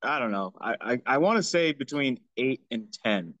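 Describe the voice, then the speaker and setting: A man's voice: mid-range voice, normal speed, no echo, highs cut off. Laid-back Jamaican-born man, dry sound. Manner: relaxed, hesitant, short replies. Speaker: guest. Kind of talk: casual chat.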